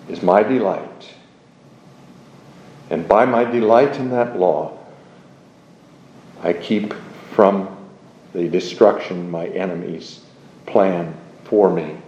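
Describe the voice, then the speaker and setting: A man preaching a sermon in a slow, measured, emphatic way, explaining a psalm verse by verse. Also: fairly low pitch, mellow. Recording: muffled, roomy recording.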